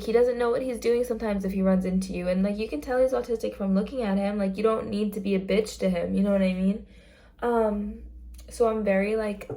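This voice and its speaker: A young woman talks to camera in an easygoing, earnest way, leaning on "like" and "um" as she goes. Her mid-height voice carries a gentle gravelly fry at the ends of phrases. She sounds like a casual vlogger sharing stories from her job. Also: medium pitch. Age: young adult. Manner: chatty and earnest, many fillers and likes. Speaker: theme park greeter on a college program. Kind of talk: casual vlog talk.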